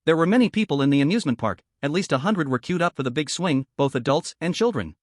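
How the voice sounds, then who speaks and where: A man narrating a recap story in an even, read-aloud delivery. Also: fairly high pitch, fast talker, dry recording, clean studio sound.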